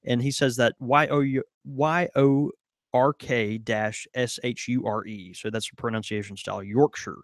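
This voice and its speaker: A man's voice: medium pitch, steady tone, moderate pace, dry recording, clean studio sound. A man from the American South co-hosting a podcast in an easygoing way, often laughing as he talks. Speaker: podcast co-host. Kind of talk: casual chat.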